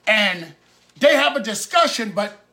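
A man's voice: high voice, expressive, unhurried, pushed and bright. A man preaching a sermon in a conversational storytelling way, acting out the people in his stories.

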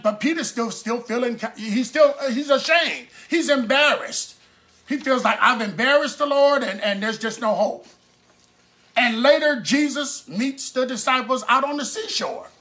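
High, bright-voiced man preaching. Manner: conversational storytelling preaching; acts out the people in his stories. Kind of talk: sermon.

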